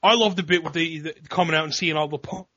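Bright, animated man hosting a movie chat. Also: fairly high pitch, quick pace, dry recording. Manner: animated, swears, laughs often. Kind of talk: casual movie review chat. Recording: dull lo-fi audio.

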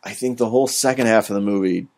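A man co-hosting a podcast, reviewing a film in a relaxed, rambling way, with many fillers. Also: fairly low pitch, fast, a little hiss or hum. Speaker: podcast co-host. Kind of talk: casual movie review chat.

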